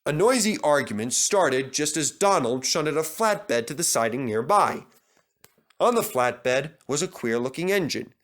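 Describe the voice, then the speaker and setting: Bright, expressive male storyteller. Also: on the high side. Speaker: narrator. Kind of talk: storybook reading.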